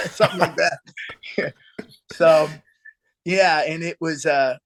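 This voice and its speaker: A male musician guest, telling a long anecdote in a loose, halting way, with plenty of restarts. His voice sits a bit above the usual pitch for a man. He acts out the quoted lines of the story as he goes. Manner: rambling, halting, with laughs and acted-out quotes. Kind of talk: casual storytelling interview.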